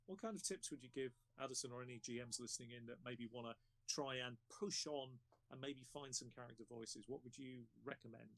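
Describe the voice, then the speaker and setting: A man hosting a casual panel chat about running games, talking in an encouraging, unhurried way. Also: mid-range voice, fairly bright tone. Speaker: panel host.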